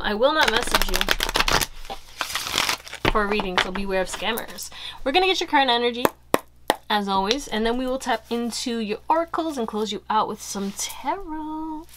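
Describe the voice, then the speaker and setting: A young woman giving a casual pick-a-card tarot reading, chatty and animated, full of fillers and asides to her viewers. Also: a little high, background noise. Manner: chatty, animated, fillers like "you know" and "y'all". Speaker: tarot reader.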